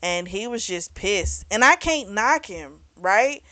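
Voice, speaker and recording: Blunt, animated woman recapping a book. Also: mid-range voice, slow pace, dry recording. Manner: animated, blunt and opinionated, swears and laughs. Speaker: book club host. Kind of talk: casual book recap and review.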